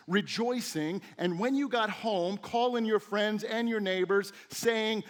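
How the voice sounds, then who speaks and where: A middle-aged man preaching a sermon as a teaching pastor, telling stories with lively, acted-out quotes. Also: high-pitched, measured pace, hardly any pauses. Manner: animated storytelling with acted-out quotes. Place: church sanctuary.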